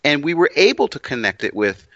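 A Christian co-host in a casual discussion, speaking in a measured, earnest way with some hesitation. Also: male voice, a little high, big pitch swings, a bit bright, no room sound, lo-fi sound.

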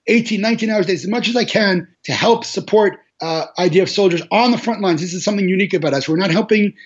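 A man, a charity organizer giving an interview, telling a war story in an animated way, with restarts and laughs. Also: sits high, fast talker. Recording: dull lo-fi audio.

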